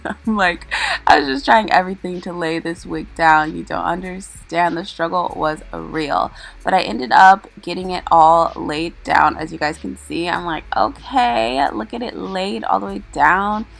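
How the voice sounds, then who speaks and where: A woman narrating a voice-over for her beauty vlog in a relaxed, rambling way. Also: on the low side, gravelly. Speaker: beauty vlogger.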